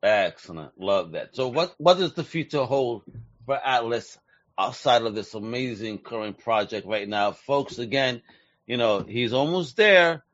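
Excitable slang-talking male interview host. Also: mid-range voice, a little slow, no room sound, highs cut off. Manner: slangy, excitable, hype-driven. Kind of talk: casual interview chat.

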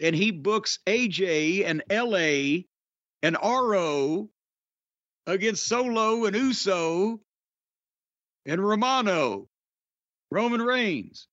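A man with a notably high voice holds forth as a podcast host, sardonic and opinionated, swearing freely. The sound is dry and close, with a slightly dull, muffled top end. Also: expressive, takes it slowly, pauses often, a bit bright, dry recording. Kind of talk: casual wrestling podcast chat.

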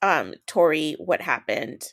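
A woman's voice: low voice, expressive, slow pace. A woman co-hosting a podcast, chiming in casually to fill in plot details about a book series. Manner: helpful, fills in forgotten plot details. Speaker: podcast co-host.

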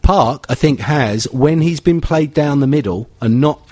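A man's voice: a little high, measured pace, warm tone, dry recording. A man talking football on a casual podcast, thinking aloud with frequent restarts. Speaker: pundit.

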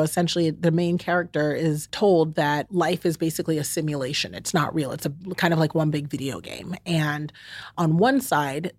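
A woman's voice: fairly low pitch, dry recording. A middle-aged woman, hosting a heartfelt solo chat and speaking candidly and directly to her listeners. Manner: warm, candid, talks straight to the listener as "friend" and "y'all". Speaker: podcast host.

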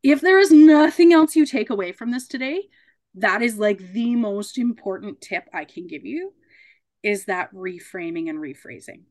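A woman in roughly her thirties works as a mediator and gives a relaxed talk to a support group. With a medium-pitched voice, she's animated and laughs as she acts out the voices she quotes.

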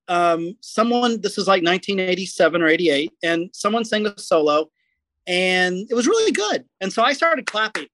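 A middle-aged man telling a story as a podcast guest, lively and self-deprecating. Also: high-pitched, slight background noise, rough recording. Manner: animated, self-deprecating storyteller acting out quotes. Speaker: guest, comedy skit writer.

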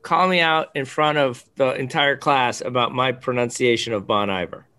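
A man's voice: mid-range voice, steady tone, moderate pace, sharp tone, smooth. A man who teaches, chatting casually on a podcast with short, easygoing replies. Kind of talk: casual chat.

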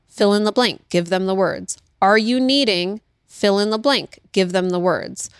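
A woman's voice: mid-range voice, no echo, studio quality. Earnest woman giving parenting advice. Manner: earnest, explanatory, repeats key phrases. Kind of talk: casual advice talk.

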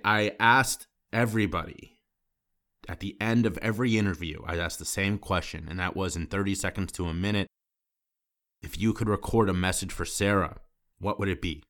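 Deep-voiced male podcast host, tearful and halting. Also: a bit bright. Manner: choked up, halting, with repeated restarts. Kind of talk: emotional closing monologue.

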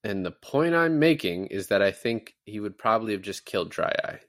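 A man's voice: fairly low pitch, fairly quick, dry recording, studio quality. A man co-hosting a casual movie podcast, rambling and acting out lines from scenes. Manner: rambling, quotes movie lines in lively put-on voices. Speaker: podcast co-host.

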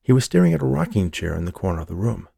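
A man reading an audiobook in a steady, measured storytelling voice. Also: lowish voice, creaky, breathy edge, dry recording, studio quality. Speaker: audiobook narrator. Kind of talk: scripted narration.

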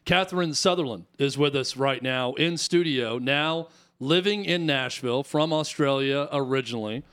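A man's voice: medium pitch, moderate pace, a bit bright, clear, resonant tone. A man co-hosting a studio talk show, asking a guest long, curious questions. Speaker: co-host. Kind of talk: radio talk show interview. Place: radio studio.

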